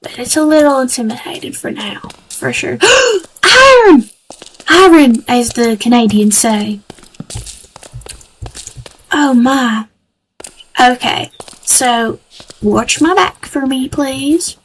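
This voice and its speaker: A woman's voice: fairly high pitch, takes it slowly, long pauses, slight background noise, rough recording. A young woman streamer chatting through live gameplay in a put-on Southern US country accent, rambling and easily sidetracked, into a desk microphone.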